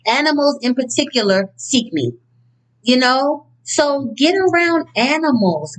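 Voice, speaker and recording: A woman giving a casual motivational talk from notes, blunt and profane, with animated, emphatic outbursts. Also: high-pitched, unhurried, low-quality recording. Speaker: speaker on inner-child healing.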